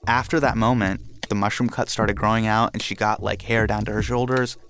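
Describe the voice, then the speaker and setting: Gravelly man telling an animated story. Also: lowish voice, a little fast, soft background music. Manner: animated, acts out the scenes. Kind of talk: personal storytelling.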